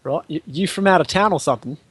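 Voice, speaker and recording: A man's voice: a little high, quick pace, fairly bright tone, husky, no echo. An actor playing a shifty, suspicious local man with missing teeth who stammers as he probes. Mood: wary. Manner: hesitant, stammering, probing.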